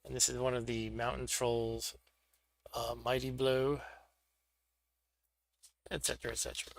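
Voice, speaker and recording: A man's voice: medium pitch, flat delivery, a little slow, creaky, slight background noise. A man hosting a board game stream, chatting casually and thinking aloud as he sets up pieces for a solo game. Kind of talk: casual solo play-through commentary.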